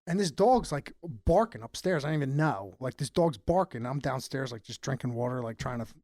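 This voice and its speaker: A man's voice: mid-range voice, animated, a little fast, warm tone, no room sound, studio quality. A young man co-hosting a podcast in casual chat, telling stories animatedly, laughing often and saying "dude" a lot. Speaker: podcast co-host.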